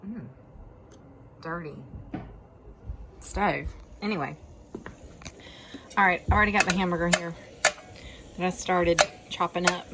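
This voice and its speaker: A woman with a lowish voice hosts a home cooking video, chatting folksily to viewers as she cooks in her kitchen. She's chatty and jokes with herself, while frying food sizzles loudly in the noisy room.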